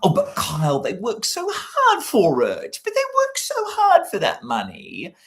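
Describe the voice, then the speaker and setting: A shrill, high-pitched critic, put on by a man, talks down in a sing-song lecture. The voice swoops upward and sounds mocking and condescending. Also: huge pitch swings, a little slow, fairly bright tone, exaggerated voice. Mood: patronising. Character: shrill, patronising imagined critic.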